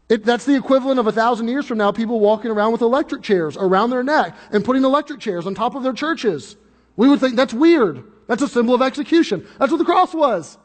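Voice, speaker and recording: A man's voice: high-pitched, in a large hall. A male pastor preaching a sermon, earnest and conversational, with rhetorical questions and frequent restarts.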